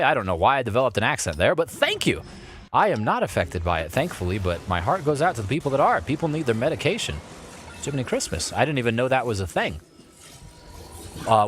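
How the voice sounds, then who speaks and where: A man's voice: mid-range voice, huge pitch swings, brisk, a bit bright, a little hiss or hum. A man live-streaming a game, playfully chatting to in-game objects and answering chat. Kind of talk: live gameplay commentary. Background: faint game music.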